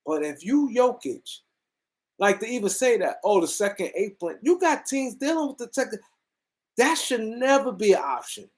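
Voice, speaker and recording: A man's voice: extremely high pitch, big pitch swings, moderate pace. A man hosting a casual sports talk show, ranting emphatically and repeating himself as he rambles through his points. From US East Coast. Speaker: host. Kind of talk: casual sports commentary rant.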